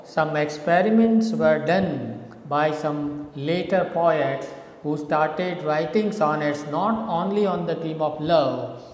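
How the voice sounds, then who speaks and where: A man with an Indian English accent gives a lecture at a slow, deliberate pace, spelling words out and checking in with "okay". His voice sits a little high for a man. It rings in a room with a long, echoing reverb. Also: darkish tone, slight background noise. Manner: explains step by step, often adds "okay". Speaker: teacher.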